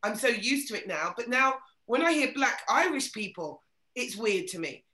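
Woman host for a chatty panel podcast, animated, bright and slightly high, recorded in a roomy space. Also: normal speed. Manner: animated, acts out reactions. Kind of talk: casual panel chat.

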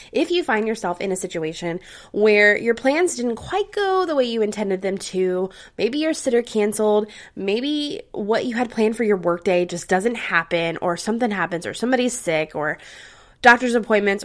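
A woman hosting a podcast, giving casual, upbeat advice to her listeners and often checking in with tag questions. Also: medium pitch. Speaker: podcast host.

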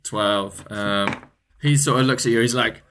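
A man's voice: on the low side, unhurried, a bit bright, a little hiss or hum. A man running a tabletop game as game master, narrating casually with many fillers.

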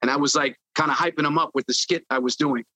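A man recounts his days as a label intern in an interview, telling it animatedly and acting out what people said. His voice is bright and a little high. The sound is close and dry. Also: fast, no room sound, rough recording. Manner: animated storyteller acting out quotes. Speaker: former record label intern. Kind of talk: storytelling interview.

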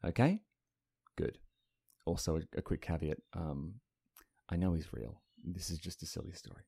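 A man's voice: low voice, normal speed, vocal fry, mellow, husky. A man co-hosting a podcast in casual chat, teasing and sardonic, who also reads news stories aloud. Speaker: podcast co-host.

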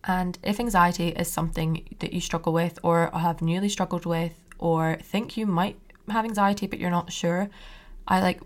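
A young woman talks through her own podcast episode in an open, chatty monologue. Her voice sits on the low side with a gravelly edge. She sounds reassuring and conversational, as if confiding in a listener. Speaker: podcast host.

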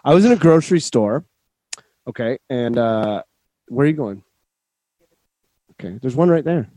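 A man hosting a podcast, telling a story in a casual chat with lots of swearing and quick restarts. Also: medium pitch, animated, dark tone, no echo. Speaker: podcast host. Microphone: remote call setup.

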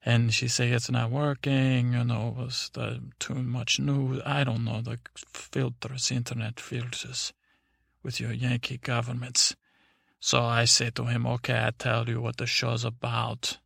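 A man's voice: mid-range voice, little pitch movement, unhurried, vocal fry, a bit bright, slightly rough, no room sound, studio quality, heavily acted. A man voicing a rambling woman superhero with a thick Eastern European accent and broken English, in a sleep story.

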